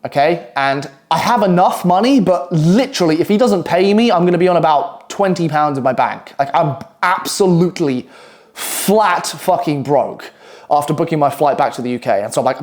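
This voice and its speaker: A young British copywriter tells a work story straight to camera in a loose, casual way, swearing often and breaking into quick, animated asides. His voice sits a little higher than most men's.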